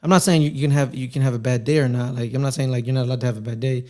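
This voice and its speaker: A man's voice: mid-range voice, fairly even intonation, very fast, dark tone. A man chatting casually on a live watchalong stream, telling a long anecdote with lots of restarts and fillers. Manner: rambling storyteller, many restarts, puts on voices in anecdotes. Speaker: co-host. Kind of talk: casual chat during a watchalong.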